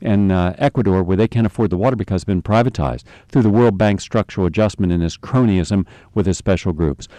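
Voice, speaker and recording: A middle-aged man from the United States rants with fierce, emphatic anger, a radio host in full monologue. His voice sits a little low, and the recording is close and dry with no room sound. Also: dark tone, no room sound. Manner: angry, ranting, emphatic. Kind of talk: impassioned monologue.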